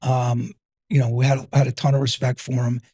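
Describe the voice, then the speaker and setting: A man in his fifties from New Jersey, a guest telling his story in an energetic, punchy way and repeating himself for emphasis. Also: medium pitch, brisk, slightly rough. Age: 50s. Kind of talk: casual interview storytelling.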